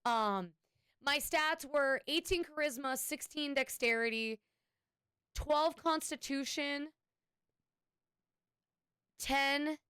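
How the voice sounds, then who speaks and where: A woman's voice: high-pitched, takes it slowly, pauses often, pushed and bright, dry recording. A woman streamer chatting casually with her viewers, rambling and swearing now and then. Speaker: Twitch streamer.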